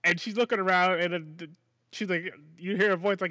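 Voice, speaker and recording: Rambling podcast host, slightly high voice. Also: male voice, normal speed, no room sound. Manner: rambling, animated, laughs often. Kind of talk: casual movie review chat.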